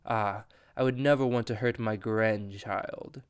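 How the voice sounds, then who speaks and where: Man putting on a slow, grave Magneto. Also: lowish voice, fairly even intonation, smooth, dry recording, clean studio sound, close to an everyday voice. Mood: solemn. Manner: slow, deliberate and formal. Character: older male villain, grave and formal.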